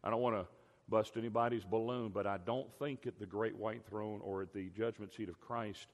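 An older man preaching a sermon as a pastor, emphatic, drawing out key words slowly. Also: on the low side, steady tone. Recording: long hall reverb.

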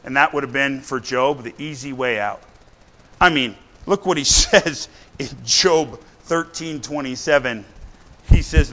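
A man's voice: medium pitch, a little slow, pushed and bright. A man preaching a sermon in a church, blunt and conversational, often checking in with his listeners. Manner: blunt conversational preaching, keeps asking "right?". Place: church with a responding congregation.

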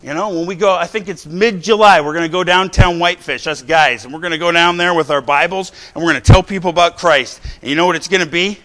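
A middle-aged man preaching a fiery sermon, exhorting the crowd with repeated lines and sudden bursts of shouting. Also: on the high side, fast talker, hardly any pauses. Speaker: pastor.

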